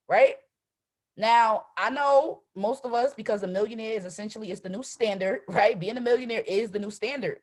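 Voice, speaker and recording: A woman leads a live motivational session as a trading coach, with a slightly husky, breathy voice at a middle pitch. She speaks emphatically and with animation. She keeps punctuating her points with a quick "right?". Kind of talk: live-streamed motivational talk.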